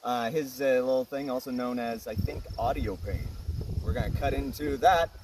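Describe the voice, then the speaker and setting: A man's voice: mid-range voice, moderate pace, noisy background. A man hosting a virtual music festival outdoors, rambling and jokingly correcting himself. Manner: jokey, self-correcting. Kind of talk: casual rambling vlog intro. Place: outdoors at a rural campsite. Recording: distant mic, insects in background.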